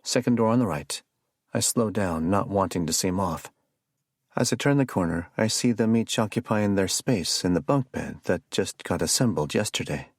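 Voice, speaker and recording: A man narrating a first-person suspense audiobook in a measured storytelling delivery. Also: deep voice, expressive, no echo, studio quality.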